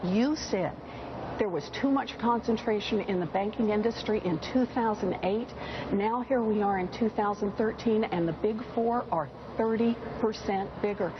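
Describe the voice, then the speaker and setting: A woman's voice: mid-range voice, moderate pace. A woman answering questions in a television interview in a firm, persistent way. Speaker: senator in a TV interview. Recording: muffled archive TV audio with noise.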